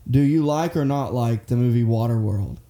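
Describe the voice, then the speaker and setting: A man hosting a podcast, chatting casually and profanely, slipping into quick impressions of people. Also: mid-range voice, mellow. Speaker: podcast host. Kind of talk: casual chat.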